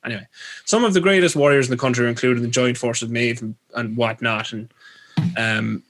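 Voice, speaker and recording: A man's voice: mid-range voice, fairly even intonation, a little fast, fairly bright tone. A man with an Irish accent hosting a podcast, retelling folklore with rambling, crude jokey asides. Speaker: podcast host. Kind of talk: comedic storytelling chat.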